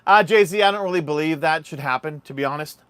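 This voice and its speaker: A man's voice: on the high side, fast talker, clean tone, no room sound. A man casually hosting a livestream, chatting easily and reading viewer comments. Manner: relaxed, chatty, addresses viewers as y'all. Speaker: livestream host.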